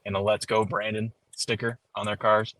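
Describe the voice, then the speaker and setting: A man co-hosting a casual sports stream who tells stories in an animated, loose way and swears freely. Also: on the low side, normal speed, no echo, low-quality recording. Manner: animated storyteller, loose and profane.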